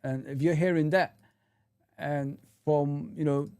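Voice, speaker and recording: A man's voice: a little high, fairly even intonation, takes it slowly, mellow, smooth, no room sound. A young man hosting a casual livestream, reading viewer comments and chatting loosely with slang. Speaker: livestream host. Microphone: streaming setup mic.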